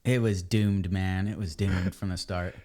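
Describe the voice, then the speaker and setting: A man, a podcast guest, telling a story in a casual, animated way and calling people dude and man. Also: low voice, measured pace. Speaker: podcast guest, ebike company cofounder.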